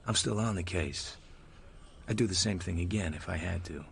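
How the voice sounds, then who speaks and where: A wisecracking deep-voiced private eye. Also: male voice, moderate pace, gravelly, fairly bright tone. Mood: defiant. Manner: laconic, wisecracking. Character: hard-boiled male private detective, dry and cynical. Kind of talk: 1940s radio acting. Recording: hissy old radio recording.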